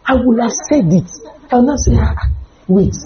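A man preaching a humorous, animated sermon with sudden loud outbursts. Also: very high-pitched, normal speed, roomy sound, dull audio, a little hiss or hum.

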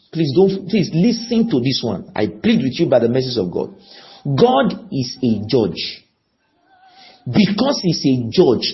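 A man preaching a sermon, emphatic and pleading, often putting questions to his listeners. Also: medium pitch. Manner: emphatic, slow, pleading, asks the audience questions. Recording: dull lo-fi recording.

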